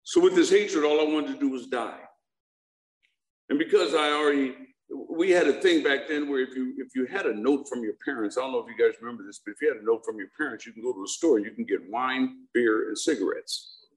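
A man's voice: medium pitch, brisk. A middle-aged man telling a humorous personal recovery story to a live audience, joking and asking them questions. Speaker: speaker sharing his recovery story. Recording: echoey room.

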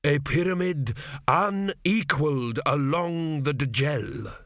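A man reading the part of a stern, cold old high priest, in a slow, grave and commanding way. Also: a bit bright, no room sound, clean studio sound.

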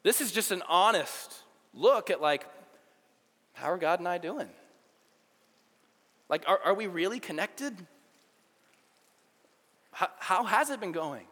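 A man's voice: high voice, animated, takes it slowly, pauses often, a bit bright. A young adult man, a youth pastor, preaching a casual, conversational sermon in a church hall. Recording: long hall reverb.

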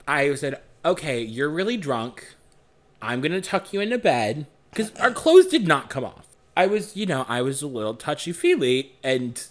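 A young man co-hosting a podcast, telling a story casually, swearing often and acting out the lines he quotes. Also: on the high side. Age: young adult. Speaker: podcast co-host.

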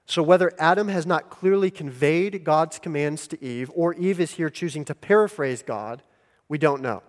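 Guy preaching, slightly high voice, emphatic and deliberate, long church-hall echo. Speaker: pastor. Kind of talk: sermon.

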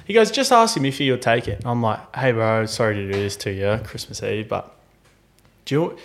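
A man's voice: mid-range voice, moderate pace. A young Australian man co-hosting a podcast, telling a story in casual chat and acting out what people said. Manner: animated storyteller acting out quotes. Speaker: podcast co-host.

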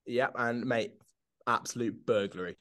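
A man's voice: medium pitch, a little slow, bright, forceful tone. Laughy guy on a podcast call, cracks jokes, mate this mate that. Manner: jokey, laughs often, says mate a lot. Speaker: podcast co-host. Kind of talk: casual chat. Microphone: video call.

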